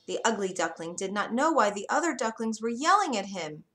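A woman narrating an animated fairy tale for children in a lively, expressive read-aloud manner. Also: mid-range voice, brisk, few pauses, soft background music. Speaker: storyteller.

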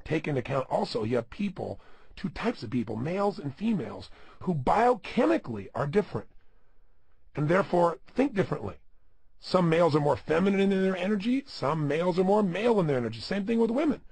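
Gravelly, animated motivational speaker man. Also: high-pitched, a little fast. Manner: emphatic, asks the listener rhetorical questions. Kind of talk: self-help audio program talk.

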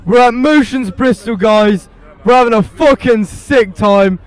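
Guy at a rave, high voice, excited and shouty. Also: measured pace, smooth, no echo. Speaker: rave goer. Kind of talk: casual chat.

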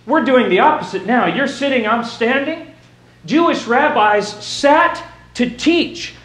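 High-voiced preacher in a roomy church. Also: male voice, measured pace. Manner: animated, rises to shouting for emphasis. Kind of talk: sermon. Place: church sanctuary.

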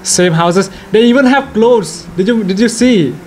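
Excitable high-voiced Indian man. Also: a little slow, slight background noise. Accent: Indian English. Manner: excitable, playful, jokey, bursts of shouting. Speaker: gaming YouTuber. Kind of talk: let's-play racing commentary.

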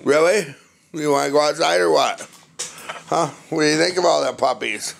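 A man's voice: fairly high pitch, normal speed, gravelly, slight background noise. A man talking to his pet dog in a coaxing, doting, sing-song way. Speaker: dog owner.

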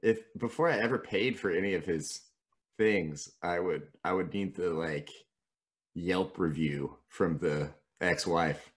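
Deep voice dude on a podcast, dry little jokes, laid back chat. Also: male voice, unhurried. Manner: dry, wry quips. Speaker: podcast co-host. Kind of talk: casual comedic chat.

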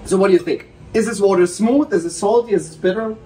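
German-accented male host, 40s, high and bright, upbeat explainer; echoey room, off-mic. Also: quick pace, recorded from a distance, slight background noise. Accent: northern German. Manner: playful, explains with enthusiasm. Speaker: water sommelier host. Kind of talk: casual tasting chat.

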